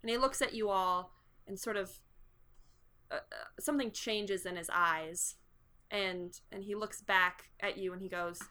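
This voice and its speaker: A woman's voice: mid-range voice, fairly even intonation, unhurried, bright, forceful tone, clear, resonant tone. A woman narrating a tabletop game as game master, casual and laughing. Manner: casual, laughing, hesitant with fillers.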